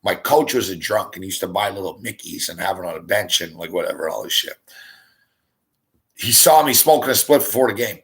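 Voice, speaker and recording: A man's voice: deep voice, lively intonation, brisk. A young man from the Montreal area, the show's host, telling a rambling, profane story in casual talk and repeating himself often. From Montreal area, Canada. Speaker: show host.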